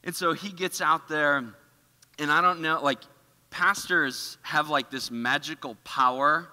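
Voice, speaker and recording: A man giving a casual, animated storytelling sermon in a church, full of filler words. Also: on the high side, measured pace, long reverb tail. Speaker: church speaker. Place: church auditorium.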